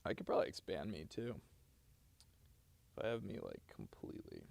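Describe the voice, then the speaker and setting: A man's voice: sits low, huge pitch swings, brisk, gravelly, darkish tone. A man streaming live, greeting his chat with playful, joking banter. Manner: playful, joking, goofy asides. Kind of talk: casual livestream chat.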